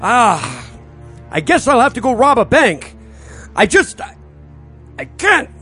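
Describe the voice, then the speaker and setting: A man's voice: very high voice, huge pitch swings, slow, pushed and bright, slightly rough, faint music behind, full character voice. A man playing a frustrated supervillain father scolding his son in a comedy sketch. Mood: exasperated. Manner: exasperated, scolding.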